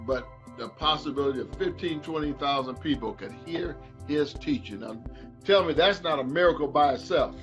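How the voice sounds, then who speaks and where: A man's voice: medium pitch, normal speed, a bit bright. A middle-aged man preaching a sermon as a pastor during a live online Bible study. He repeats words, restarts his sentences and keeps asking his listeners whether they hear him. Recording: dull lo-fi sound with faint music.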